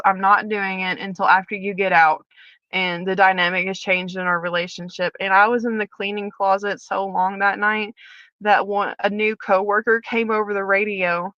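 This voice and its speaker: A woman's voice: medium pitch, a bit bright, no room sound, muffled recording. A woman, a former prison officer, candidly telling her personal story as a guest and acting out the dialogue as she retells it.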